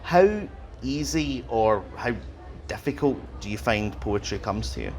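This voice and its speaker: A man's voice: fairly low pitch, animated, measured pace, a little mellow, slight background noise. A man interviewing a guest for a fan society, asking questions hesitantly with many fillers.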